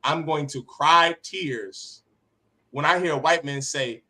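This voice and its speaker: Male preacher leading a class, fairly high bright tense voice, fiery and rhetorical. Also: slow pace. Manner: impassioned, rhetorical, sharp swings in loudness. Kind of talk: street-preacher sermon.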